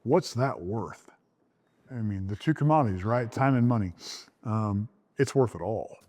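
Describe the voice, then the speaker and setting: A man's voice: animated, unhurried, a little mellow. Middle-aged groom telling his story. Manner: candid storytelling, voicing past conversations with pitch jumps. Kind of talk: recorded interview about his relationship.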